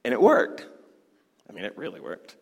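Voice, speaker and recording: A man teaching a hoop dance class, chatty and animated, telling stories and laughing often. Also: mid-range voice, moderate pace, husky. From Southern United States. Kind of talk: class talk with storytelling. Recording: long hall reverb.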